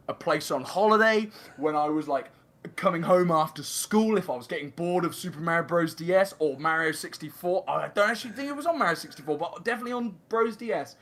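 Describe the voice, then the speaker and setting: A man's voice: a little high, a bit bright. A man chatting as a guest in a rambling, filler-heavy way. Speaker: guest friend. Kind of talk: casual chat.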